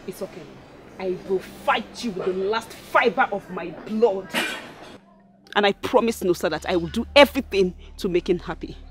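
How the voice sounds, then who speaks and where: An actress with a Nigerian accent playing a sharp-tongued, scheming young wife in a film, taunting and scornful. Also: female voice, mid-range voice, slightly rough. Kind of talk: Nollywood film acting.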